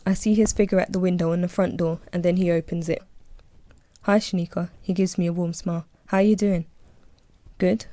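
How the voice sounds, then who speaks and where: A woman calmly reading her own first-person novel as an audiobook. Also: fairly low pitch, no echo. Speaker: audiobook narrator, author.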